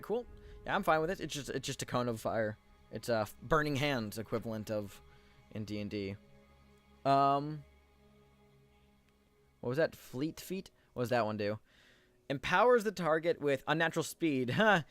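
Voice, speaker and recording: Guy doing a chill let's play, rambly, restarts a lot, reads the menus out loud, quiet game music behind. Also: medium pitch. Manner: chatty, stumbling restarts, reads game text aloud to viewers. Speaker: gaming video host. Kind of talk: casual let's-play commentary.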